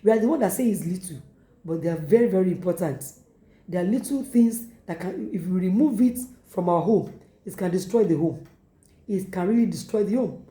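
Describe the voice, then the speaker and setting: A woman pastor with a Nigerian English accent preaches with repeated urgings, slipping into quoted lines. Her voice is warm and mellow, and it rings in an echoey room. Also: on the low side, expressive, fairly quick. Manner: repetitive exhortation with acted quotes. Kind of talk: sermon.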